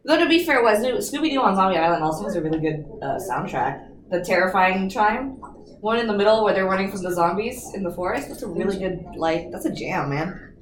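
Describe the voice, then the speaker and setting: A young woman chatting casually with friends during a movie watch, swearing freely and telling stories quickly and animatedly. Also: mid-range voice, expressive, slight background noise. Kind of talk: casual chat. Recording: roomy room sound.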